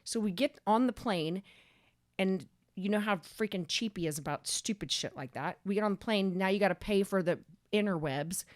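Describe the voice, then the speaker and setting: A woman, co-hosting a podcast and telling a story in a casual, animated way, swearing and speeding up when excited. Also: mid-range voice, moderate pace, no room sound, clean studio sound. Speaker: podcast co-host.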